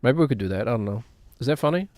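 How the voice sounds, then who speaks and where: A man's voice: mid-range voice, expressive, very fast, darkish tone. Rambling, self-mocking male streamer. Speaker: game streamer. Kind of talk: casual live-stream chat.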